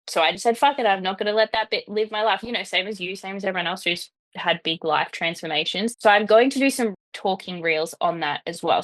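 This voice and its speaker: A woman's voice: on the low side, a bit bright. A young woman as a client on a coaching call, hesitant and full of fillers. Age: young adult.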